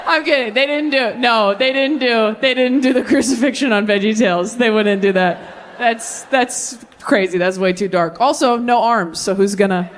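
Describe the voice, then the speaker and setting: A woman in her thirties doing a stand-up set on a stage, brash and profane, with quick self-mocking asides and crowd work. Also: on the high side, slight background noise. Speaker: stand-up comedian. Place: comedy stage before a live audience.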